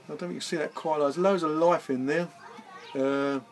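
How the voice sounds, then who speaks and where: A man with a slightly high voice chats his way through a beer review in an easygoing, rambling manner. He sounds a little worn out, and faint music plays in the background. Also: steady tone, moderate pace. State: tired after gardening. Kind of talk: casual beer review vlog. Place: indoors, with garden party music outside. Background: music from back garden.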